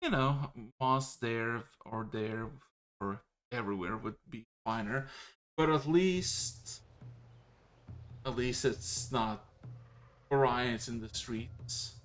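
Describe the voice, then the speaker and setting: A man's voice: medium pitch, slow, a bit bright, a little hiss or hum. A man playing a brusque, sardonic female magic teacher in a tabletop game. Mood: dry. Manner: curt, sardonic, rough-tongued. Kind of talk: tabletop role-play.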